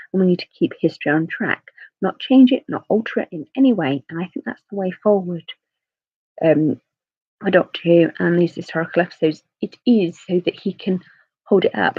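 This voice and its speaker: A woman's voice: on the low side, breathy edge, no room sound, lo-fi sound. A woman giving a casual TV review, rambling off on tangents and often correcting herself.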